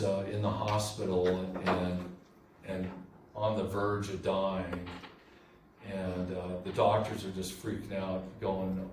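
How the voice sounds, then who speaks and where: A man's voice: fairly low pitch, darkish tone. A man telling his own recovery story at a meeting, candid and conversational, with many fillers and restarts. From southern California. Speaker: AA meeting speaker. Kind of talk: personal recovery share. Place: meeting room. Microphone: room recording from a distance. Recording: echoey room, distant mic, faint noise.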